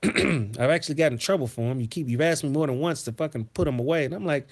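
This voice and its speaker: A man hosting a casual livestream, reading chat messages and telling profane, animated stories from his childhood. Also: medium pitch, quick pace, slightly rough. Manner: profane, animated, swings into loud outbursts. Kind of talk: casual storytelling to a live chat.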